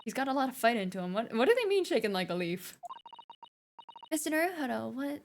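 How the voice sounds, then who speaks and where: A woman's voice: a little high, very animated, racing, slight background noise. A woman chatting casually with giggly asides while streaming a game.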